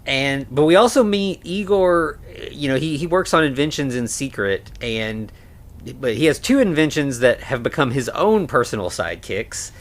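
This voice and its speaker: A man in an easy podcast conversation who talks about a film at a mid pitch. He wanders through his points with lots of "like" and "you know" and keeps restarting his sentences. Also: animated, normal speed. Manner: rambling, many fillers and restarts. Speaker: podcast co-host. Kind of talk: casual movie discussion.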